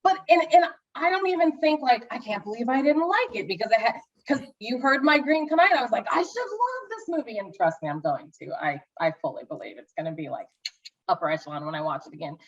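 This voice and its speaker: A woman co-hosts a podcast, chatting casually about films as she gushes and rambles, restarting often and acting out asides. Her voice is a little high and expressive, her pace quick, and the audio sounds dull.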